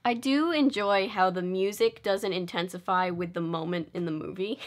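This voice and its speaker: A woman's voice: medium pitch, moderate pace. A young woman vlogger giving casual, sarcastic film commentary, joking and laughing often.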